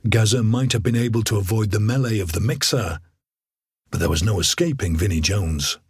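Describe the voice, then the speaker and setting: A man narrating a documentary in a measured, wry scripted voice. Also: on the low side, slightly rough.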